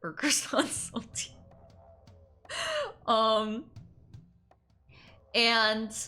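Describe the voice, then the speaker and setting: A woman's voice: fairly high pitch, fairly even intonation, drawn-out words, pushed and bright, faint music behind. A young woman streamer telling a long story in casual chat, rambling with many fillers and frequent laughs. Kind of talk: casual storytelling while drawing.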